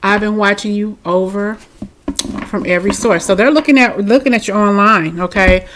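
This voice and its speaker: A woman's voice: mid-range voice, moderate pace, background noise. A woman giving a tarot reading, talking straight to her viewers in a chatty, reassuring way and often tagging lines with "okay?" and "you know". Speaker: tarot reader. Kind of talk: tarot reading talk to camera.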